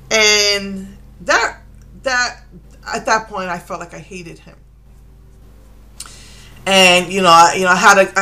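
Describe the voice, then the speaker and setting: Middle-aged woman from Puerto Rico, bright voice, emotional confessional vlog, rambling with restarts. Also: mid-range voice. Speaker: vlogger. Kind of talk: personal confessional monologue.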